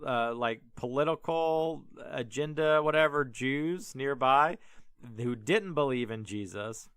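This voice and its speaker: Rambling, smooth-voiced man retelling a story. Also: mid-range voice, unhurried, a bit bright, no echo. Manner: rambling, filler-heavy, joking asides. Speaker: podcast host. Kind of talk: casual retelling of a Bible story.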